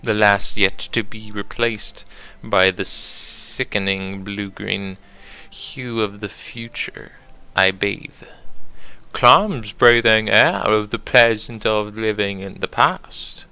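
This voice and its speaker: A man's voice: lowish voice, slow, pushed and bright, clear, resonant tone, heavily acted. A man putting on a put-on British accent to recite a poem, theatrical and over-enunciated. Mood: grand. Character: fancy British poetry reciter, grand.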